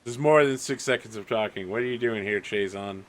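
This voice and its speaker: A man's voice: lowish voice, a little fast. A man running a tabletop game as game master, explaining rules in a casual, wry way.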